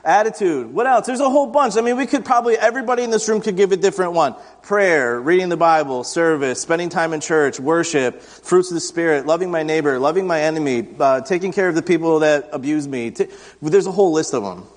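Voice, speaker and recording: A man's voice: a little high, fast. A man in his thirties preaching an interactive sermon, asking the congregation questions and telling self-deprecating stories in a conversational way. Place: church sanctuary. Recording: long church reverb.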